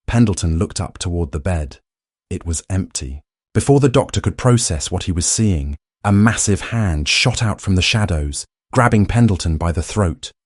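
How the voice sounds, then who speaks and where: A man narrates a suspense story in a steady, dramatic storytelling voice. His voice is very low and deep. The recording is dry and close, with no room echo.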